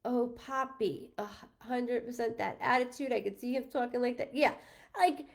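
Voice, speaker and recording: A woman with a slightly high voice and vocal fry speaks at a moderate pace as a psychic medium on a live stream. Her talk is casual and rambling, often breaking off and starting over, and she laughs a lot.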